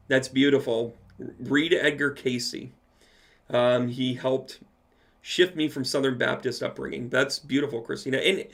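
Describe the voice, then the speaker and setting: A man with a gravelly, creaky voice at an ordinary middle pitch hosts a loose livestream Q&A. He reads viewers' comments aloud and chats back to them with quick, playful asides. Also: a bit bright. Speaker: medium answering live chat questions. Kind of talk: casual livestream Q&A.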